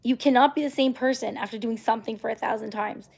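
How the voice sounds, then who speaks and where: A woman's voice: fairly high pitch, steady tone, quick pace, gravelly, darkish tone, slightly rough. A woman from Canada chatting casually to viewers on her live stream, upbeat and encouraging, with many fillers and restarts. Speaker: YouTuber hosting a live stream.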